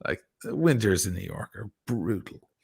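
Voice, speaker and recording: A man on a casual panel, telling stories in a loose, swearing, laughing way with a husky, gravelly voice. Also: lowish voice, expressive, normal speed, darkish tone. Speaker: panel guest.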